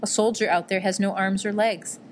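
A woman reading as a quiet, reassuring mother. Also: mid-range voice, steady tone, fairly quick, slight background noise, close to an everyday voice. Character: gentle, sorrowful Japanese mother.

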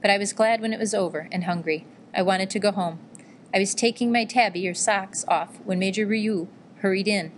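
A woman narrating a memoir-style novel in a measured, gentle storytelling manner. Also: mid-range voice, steady tone, slight background noise. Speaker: audiobook narrator.

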